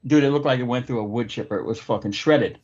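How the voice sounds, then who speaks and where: A man's voice: medium pitch, quick pace, highs cut off. A man hosting a podcast, telling stories in casual, profane chat. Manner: profane, animated storyteller. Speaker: podcast host.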